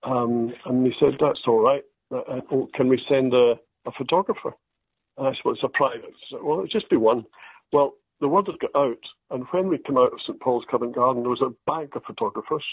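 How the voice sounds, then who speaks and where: Older scottish guy telling showbiz stories, self-mocking, husky voice, sounds like a phone line. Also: mid-range voice, fairly quick, no room sound. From Scotland. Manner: storytelling, self-deprecating, quotes others in lively voices. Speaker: actor guest. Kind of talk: anecdotal interview chat. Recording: dry tinny phone-like line.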